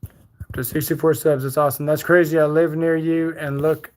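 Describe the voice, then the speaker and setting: A relaxed man whose Bermudian accent has a Texas country twang running through it. His voice sits a touch high for a man. He reads viewer comments aloud in easygoing livestream chat and answers them with offhand jokes. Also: normal speed, a little hiss or hum. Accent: Bermudian mixed with Texas country. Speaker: livestream host.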